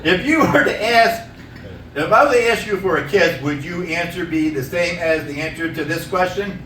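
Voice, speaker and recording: Loud, high-voiced man doing stand-up. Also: moderate pace, slight background noise. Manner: loud, animated storytelling, laughing at own jokes. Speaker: stand-up comedian. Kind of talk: stand-up comedy set. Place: small theater stage. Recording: echoey room, mic from a distance.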